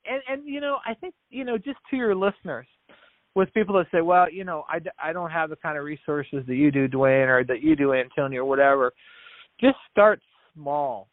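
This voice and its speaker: A man with a fairly high voice talks at a fairly quick clip as a podcast guest and business founder, earnestly telling a story in an interview. He acts out the quoted dialogue and keeps restarting and repeating words. The line is tinny and phone-like, completely dry with no echo.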